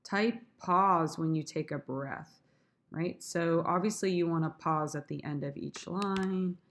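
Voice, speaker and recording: Woman drama teacher walking students through her rehearsal prep; lowish voice, slow and easygoing. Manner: talks through her own sonnet rehearsal, trying lines aloud; chatty, addresses students directly. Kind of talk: screen-recorded lesson.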